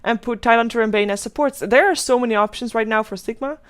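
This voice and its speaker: A woman's voice: fairly high pitch, fast talker, smooth. A woman casting a live esports match as play-by-play commentator, chatty and thinking aloud. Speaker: esports caster.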